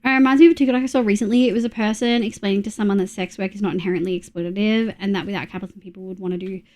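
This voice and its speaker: Her voice is medium-pitched and a little mellow, with fairly even intonation, and she talks rapid-fire. This young Australian streamer plays while chatting bluntly and casually with her chat, saying hello to viewers and humming as she builds.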